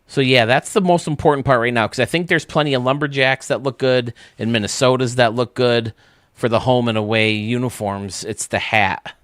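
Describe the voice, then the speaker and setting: A man's voice: mid-range voice, steady tone, moderate pace, hardly any pauses, fairly bright tone, no room sound, clean studio sound. A man hosting a casual gaming stream, rambling and thinking aloud as he works, with frequent laughs. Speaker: streamer and game designer host.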